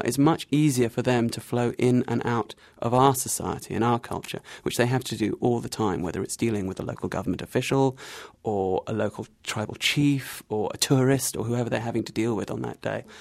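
A middle-aged man with a gravelly, creaky edge speaks in a dry, close studio sound. He tells his story in a vivid, anecdotal way, restarting phrases and laughing softly now and then. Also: medium pitch, steady tone, brisk, few pauses, dry recording. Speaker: interview guest, travel writer. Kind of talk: storytelling interview answers.

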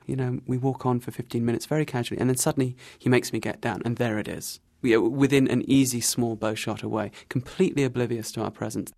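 A middle-aged man guest in an interview, telling a vivid travel anecdote with restarts and soft laughs. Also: mid-range voice, fairly even intonation, brisk, creaky, dry recording. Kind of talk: storytelling interview answers.

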